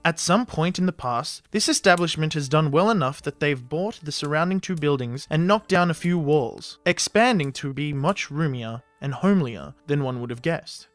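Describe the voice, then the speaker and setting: Man narrating fantasy over soft music. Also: a little high, animated, dry recording. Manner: measured, storytelling.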